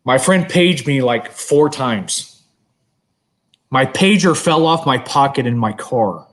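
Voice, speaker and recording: A man co-hosting a podcast, telling a long story in casual, animated chat and swearing freely. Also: mid-range voice, slow. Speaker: podcast co-host.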